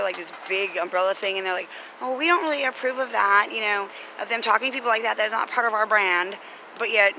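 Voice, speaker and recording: A woman's voice: mid-range voice, bright, forceful tone, slight background noise, low-quality recording. An American woman vlogger telling a story in a chatty, indignant rant, full of fillers. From United States.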